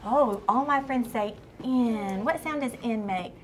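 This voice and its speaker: Woman teacher, kindergarten reading lesson, patient questioning, words sounded out slowly, fairly high pitch, classroom noise behind. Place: classroom with young children. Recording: classroom recording with clear background noise.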